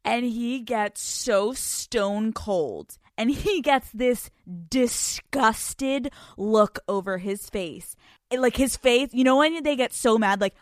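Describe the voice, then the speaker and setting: Brash, higher-voiced woman podcast host. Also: takes it slowly, dry recording, clean studio sound. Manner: frank and profane, laughs often. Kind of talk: candid storytelling monologue.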